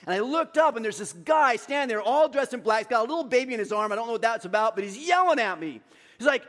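A middle-aged man, a pastor, preaching a sermon with animated personal stories and earnest scripture reading. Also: very high voice, fast talker. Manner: storytelling, animated anecdotes then earnest reading.

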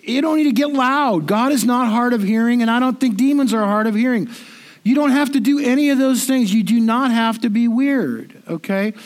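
A middle-aged pastor delivers a sermon in a high voice at a moderate pace. His style is conversational and self-deprecating, and he often doubles back on his words as he goes.

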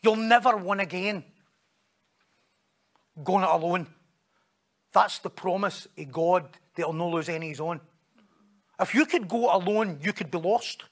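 A man's voice: high-pitched, unhurried, pauses often. A man with a Scottish accent preaching a sermon, telling stories, joking and acting out the voices of the people he quotes.

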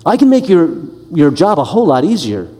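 A man sketching a sly male tempter who coaxes in a raised, smooth voice. The lines ring in a long hall reverb. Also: on the high side, huge pitch swings, brisk, mellow. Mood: coaxing.

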